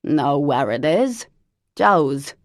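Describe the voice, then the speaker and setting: Woman doing a gravelly chain-smoking old cousin. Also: sits low, animated, extremely slow, dry recording, clean studio sound, heavily acted. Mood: gruff. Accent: strong local accent. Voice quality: harsh smoker's rasp. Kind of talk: audiobook narration.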